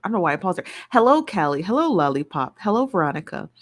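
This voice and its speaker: A woman's voice: fairly low pitch, very animated, fast talker. A woman hosting a live stream, chatting casually and playfully while greeting viewers by name.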